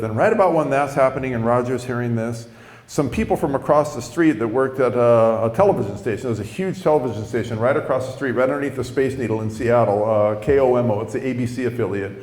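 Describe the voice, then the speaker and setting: A man who is a pastor tells his conversion story in a sermon, with lively storytelling and self-mocking humor. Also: mid-range voice, quick pace. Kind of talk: sermon testimony. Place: church. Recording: echoey hall.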